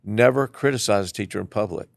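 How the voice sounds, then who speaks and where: An older man speaks in a low, rough, gravelly voice, recorded close and dry. He tells his stories with energy and acts out the people in them. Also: fast, no room sound. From southeastern Tennessee. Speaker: guest, former elementary school principal. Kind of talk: storytelling interview.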